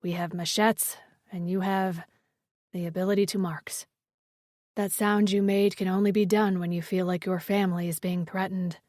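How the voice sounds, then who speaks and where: A stern, protective male warrior speaks in a low, clipped growl, as a woman narrator puts him on. His lines come out curt and gruff, lower than her own voice, and the sound is dry and close. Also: little pitch movement, moderate pace, a little mellow, no room sound, lightly acted.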